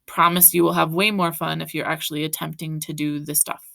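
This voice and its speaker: Woman teacher, bright gravelly voice, encouraging video lesson to students, close and dry. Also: low-pitched, little pitch movement, fairly quick, no room sound. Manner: encouraging, talks directly to students with frequent "right?".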